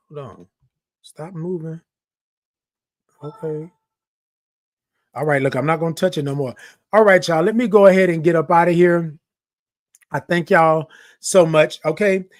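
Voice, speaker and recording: During a casual morning livestream, a Texas man plays with viewer comments as he reads them aloud, using a slightly high, expressive voice at a moderate pace with long pauses. The studio audio is dry and clean.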